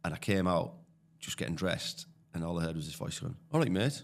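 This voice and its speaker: A man with a deep, low voice and a Teesside accent. He talks in a loose, chatty way, full of fillers, like a guest on a casual podcast. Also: level tone, fairly quick, gravelly. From Teesside, England. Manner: chatty storyteller, many fillers. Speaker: guest, property investor.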